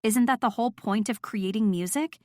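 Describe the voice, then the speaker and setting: A woman narrating a first-person romance audiobook in a steady, clear storytelling voice. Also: fairly high pitch, moderate pace, no room sound, clean studio sound.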